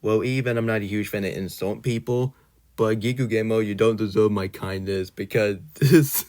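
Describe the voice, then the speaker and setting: A man's voice: fairly low pitch, expressive, a little slow, darkish tone. A man hosting his own channel, ranting indignantly in a casual vlog style, loosely worded and full of fillers. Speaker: channel host.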